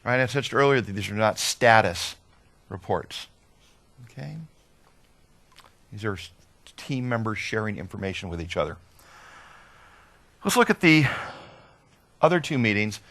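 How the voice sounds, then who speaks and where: A man giving a conference talk as a trainer, conversational and animated, often checking in with "right?". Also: lowish voice, measured pace, pauses often. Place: conference hall.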